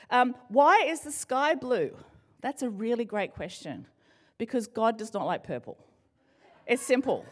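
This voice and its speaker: A middle-aged woman giving a conversational sermon, playful and joking as she talks straight to the congregation. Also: on the high side. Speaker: church speaker.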